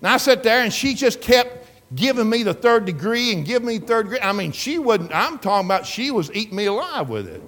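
A man's voice: high-pitched, big pitch swings, brisk, few pauses, a bit bright. A man preaching a sermon as pastor, telling a story with emphatic, repetitive delivery. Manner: emphatic storytelling preacher, repeats words, rises and falls in intensity.

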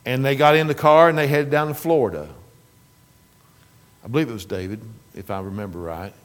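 A man's voice: mid-range voice, fairly even intonation, fairly quick. A middle-aged man telling a rambling, folksy family story in casual talk. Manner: rambling, folksy, restarts and trails off.

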